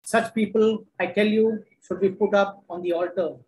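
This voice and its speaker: A man's voice: high-pitched, steady tone, normal speed, darkish tone, low-quality recording. Emphatic male preacher. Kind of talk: sermon.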